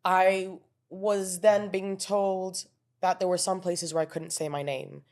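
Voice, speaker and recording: A woman's voice: lowish voice, little pitch movement, takes it slowly, darkish tone. A woman being interviewed who talks casually and earnestly, explaining things at length and restarting her sentences. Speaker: interview guest. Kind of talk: casual conversational storytelling.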